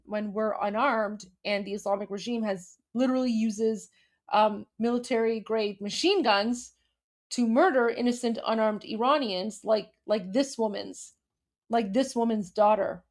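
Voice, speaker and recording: A woman from Iran hosting a live commentary stream, talking emphatically with frequent fillers and restarts. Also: fairly high pitch. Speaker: host.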